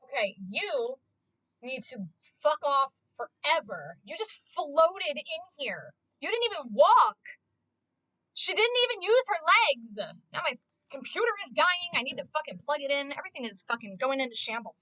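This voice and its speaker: A woman's voice: high voice, sing-song, moderate pace, pushed and bright, rough recording. A young woman streamer talking casually as she plays and watches, ranting animatedly and swearing often. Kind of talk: casual live-stream commentary.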